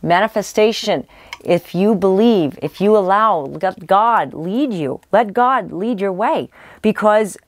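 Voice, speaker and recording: A woman's voice: medium pitch, lively intonation, slow. A woman doing a casual spoken tarot reading, rambling with many restarts, and she says she is losing her voice. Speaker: psychic tarot reader.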